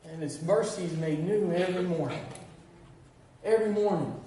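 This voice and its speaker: Middle-aged male pastor, high mellow voice, preaching with repeated call-outs and restarts; distant, echo-heavy church recording. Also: moderate pace, pauses often. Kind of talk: sermon. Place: church sanctuary. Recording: very echoey, distant church recording with faint noise.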